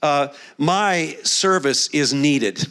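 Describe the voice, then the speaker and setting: Man, middle-aged, pastor, sermon, conversational storytelling, slightly high voice. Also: animated, drawn-out words, pushed and bright, smooth. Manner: conversational, repeats and restarts phrases, folksy storytelling.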